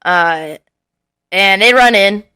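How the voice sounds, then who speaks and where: A woman in her early twenties on a podcast, telling a long story in casual chat, animated and swearing often. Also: mid-range voice, slow pace, smooth. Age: early 20s. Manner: animated, swearing often, acting out quotes with laughs. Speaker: podcast co-host.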